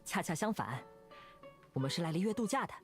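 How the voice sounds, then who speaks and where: A cheerful young stage magician from a video game, friendly and animated, as a woman acts the part. The voice sits low and swings widely in pitch. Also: fairly quick, soft background music. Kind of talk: game dialogue.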